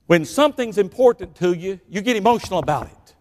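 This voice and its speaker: An older Southern US man preaches a sermon fast and animated in a high-sitting voice, with a long reverb tail. His folksy stories swing between shouting and hushed asides.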